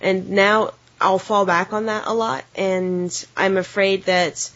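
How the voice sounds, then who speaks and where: A young American woman co-hosting a podcast in casual chat, talking quickly with many fillers and restarts. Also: mid-range voice, fairly even intonation, a bit bright. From United States. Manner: chatty, many fillers and restarts, acts out silly voices. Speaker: podcast co-host and editor. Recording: somewhat dull lo-fi audio.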